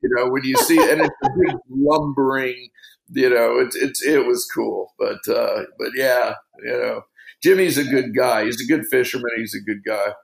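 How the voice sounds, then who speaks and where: A middle-aged man with a gravelly edge, spinning loose fishing stories in a relaxed interview. He wanders through his anecdotes, peppering them with "you know", and the room around him rings with echo. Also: mid-range voice, normal speed. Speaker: fishing guide. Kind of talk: casual storytelling interview.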